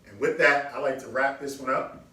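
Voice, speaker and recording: A man's voice: medium pitch, brisk, sharp tone. A man hosting a podcast in casual chat, speaking earnestly and reflectively, often restarting his sentences. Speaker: podcast host. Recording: echoey room, distant mic, faint background hum.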